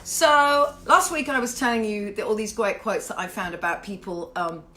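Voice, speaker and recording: A British woman singer hosting a casual home livestream, chatty and warm with viewers, greeting them by name and swearing playfully. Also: medium pitch, normal speed. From Britain.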